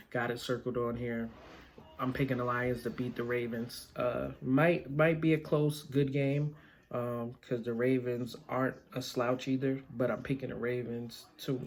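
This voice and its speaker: A man hosting a casual sports picks vlog, blunt and opinionated, with plenty of filler words. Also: medium pitch. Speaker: vlog host.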